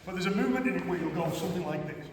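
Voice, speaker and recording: A Cumbrian man teaching karate, his voice sitting high for a man. He talks in a chatty way, often checking whether the class is following. He is picked up from far off in a very echoey hall, with a faint hum behind him. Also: animated, rapid-fire. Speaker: karate instructor.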